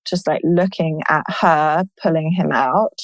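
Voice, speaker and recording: A woman guest telling her own story in an open, animated way, with many "like" fillers. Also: low voice, a little slow, dry recording, rough recording. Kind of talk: personal storytelling in a conversation.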